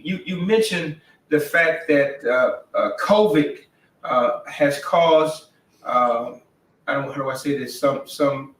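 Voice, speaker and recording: A man hosting a community talk show over a video call, speaking haltingly with many fillers and restarts. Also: a little high, a bit bright. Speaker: host. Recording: roomy, distant video call audio.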